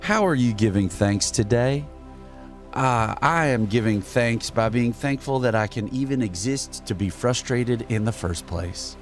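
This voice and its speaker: A man's voice: mid-range voice, expressive, a little slow, faint music behind. A man hosting an improvised comedy live stream as a self-styled reverend, preaching earnest, over-the-top motivational talk and muttering when his chat breaks. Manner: chants a pledge and mutters at his broken chat. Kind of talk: improvised mock-sermon comedy.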